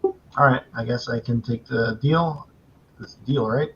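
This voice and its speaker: A man's voice: mid-range voice, unhurried, fairly bright tone, husky. Hesitant male player on a dull mic. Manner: hesitant, thinking aloud. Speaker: game player. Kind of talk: casual play talk.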